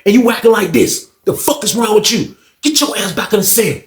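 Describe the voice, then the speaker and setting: A man's voice: high-pitched, animated, a little fast. A man voicing a bullying older male inmate who curses and scolds, in a roomy-sounding recording. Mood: angry. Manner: cursing, scolding. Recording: roomy echo.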